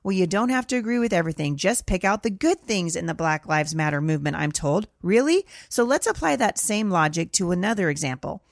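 A woman's voice: on the low side, fast, hardly any pauses, no echo, clean studio sound. A middle-aged woman hosting a podcast, telling stories in an earnest, conversational way. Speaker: podcast host. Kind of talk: casual commentary monologue.

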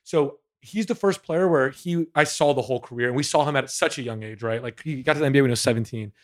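A man's voice: medium pitch, fast. Reflective man in his thirties. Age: 30s. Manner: reflective, thoughtful, leans on "you know what I mean". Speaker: podcast co-host. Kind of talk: casual podcast chat.

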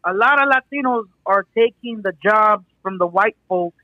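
A man's voice: high voice, moderate pace, sharp tone, dry recording. A man talking casually as a podcast guest, blunt and profane. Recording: dry, dull lo-fi sound.

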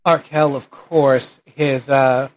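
A man narrating a tabletop game as game master, relaxed, with frequent hesitant fillers. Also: mid-range voice, slow.

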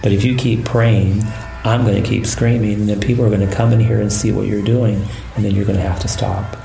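A man's voice: on the low side, level tone, fairly quick, vocal fry, warm tone, soft background music. A man voicing a taunting demon that mocks and threatens an exorcist, in a slightly raised voice. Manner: mocking, insistent. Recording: echoey room.

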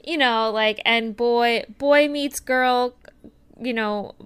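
A woman's voice: a little high, slow pace, fairly bright tone, smooth. A woman co-hosting a casual podcast chat, talking in a rambling, hesitant way with many fillers. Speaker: podcast co-host reviewing an anime film.

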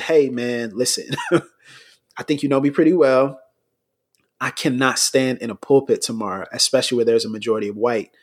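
A middle-aged American man, a pastor, telling stories in a relaxed podcast conversation, laughing between points. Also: medium pitch, slightly rough.

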